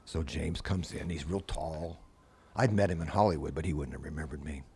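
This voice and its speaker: A man's voice: a bass voice, a little fast, a little hiss or hum. An older man, a guest musician, telling long anecdotes in casual conversation and acting out the people he quotes. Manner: anecdotal, animated quoted voices. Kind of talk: casual storytelling.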